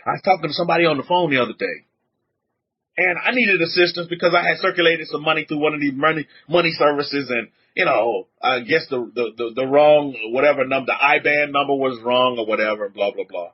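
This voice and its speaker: A man teaching as a rabbi in a casual, animated sermon, repeating himself and dropping in blessings. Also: on the high side, a little fast, husky, dull audio. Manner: animated, repetitive, punctuated with blessings. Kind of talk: informal outdoor sermon.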